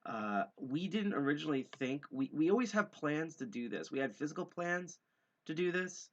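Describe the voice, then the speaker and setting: A man hosting a casual livestream with a mellow voice, rambling with many fillers and self-deprecating asides. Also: a little high, big pitch swings, normal speed. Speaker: livestream host and hacker group co-founder. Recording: dull lo-fi stream audio.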